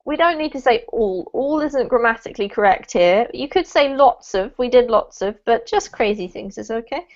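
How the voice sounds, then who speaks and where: A woman's voice: a little high, animated, normal speed, muffled recording. A woman English teacher patiently correcting a student's writing in an online lesson, reading passages aloud and explaining.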